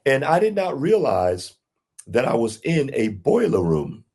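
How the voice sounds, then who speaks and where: A man being interviewed, recounting his past in a rambling, animated storytelling way and acting out the people he quotes. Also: unhurried, husky. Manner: acts out quoted dialogue in a higher voice; rambling with fillers and restarts. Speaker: interview guest.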